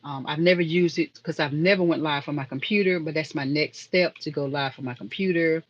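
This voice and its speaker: A woman's voice: deep voice, brisk, dull audio, slight background noise. A woman hosting a casual live stream, chatting and rambling to viewers in the chat. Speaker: livestream host.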